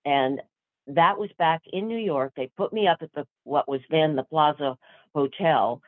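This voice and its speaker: Older woman, animated storyteller full of restarts, tinny phone-like audio. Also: sits low, unhurried, no room sound. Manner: lively, chatty, full of fillers and restarts. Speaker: actress guest. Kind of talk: storytelling interview answers.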